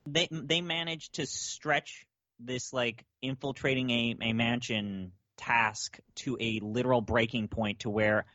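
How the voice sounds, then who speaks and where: A man's voice: mid-range voice, a bit bright, dry recording, highs cut off. A man co-hosting a casual podcast chat, blunt and exasperated, swearing freely. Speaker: podcast co-host.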